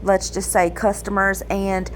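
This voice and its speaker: A woman hosting reaction commentary in a sassy manner, with drawn-out asides. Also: mid-range voice, little pitch movement, slight background noise. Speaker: commentary host.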